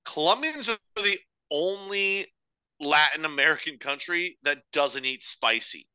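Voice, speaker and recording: Young male co-host, opinionated and lively, crisp voice, dry close sound. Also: on the high side, measured pace, no room sound. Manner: animated, opinionated, profane. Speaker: podcast co-host. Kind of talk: casual podcast chat.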